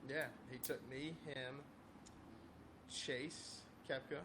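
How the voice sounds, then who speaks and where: A man's voice: mid-range voice, steady tone, slow pace, background noise. A man co-hosting a casual golf podcast, joking and bantering with his guest. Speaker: podcast co-host, pro golfer. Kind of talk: casual chat.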